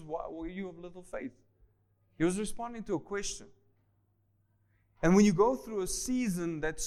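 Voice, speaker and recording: A male pastor preaching a sermon, animated, acting out the voices of people in the story and swinging from loud bursts to quiet asides. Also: high voice. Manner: animated, acts out voices of the disciples and Jesus.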